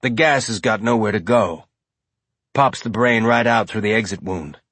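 A man giving measured, scripted audiobook narration. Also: on the low side, fairly bright tone, husky, dry recording.

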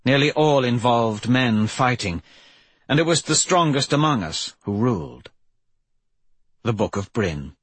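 A man narrating an audiobook in a measured, even reading voice, slightly husky. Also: mid-range voice, no echo. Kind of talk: scripted narration.

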